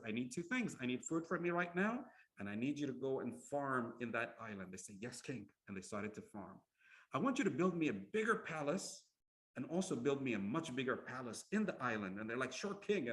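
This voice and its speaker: A male preacher tells a parable in a lively sermon, jumping up in pitch when he acts out the people in his story. He often repeats a word or starts a line again before going on. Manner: animated, acts out characters in the story; repeats words and restarts often. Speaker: Islamic preacher.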